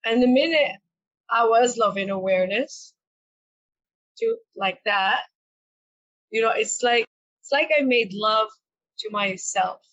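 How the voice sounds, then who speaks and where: Earnest soft-spoken woman reflecting. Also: a little high, slow pace, long pauses, dull audio. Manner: earnest, soft-spoken, many fillers and repeats. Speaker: guest. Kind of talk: reflective personal interview talk.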